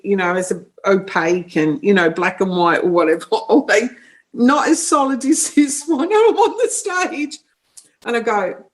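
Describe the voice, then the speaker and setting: A middle-aged woman, a psychic medium telling funny stories in an interview, often breaking into laughter. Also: fairly high pitch. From New Zealand. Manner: animated, laughing anecdotes. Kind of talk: casual storytelling interview.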